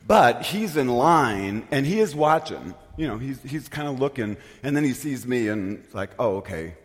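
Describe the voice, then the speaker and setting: A man preaching a storytelling sermon as pastor, animated and poking fun at himself. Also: mid-range voice, moderate pace. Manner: animated, self-mocking storyteller. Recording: long reverb of a large hall.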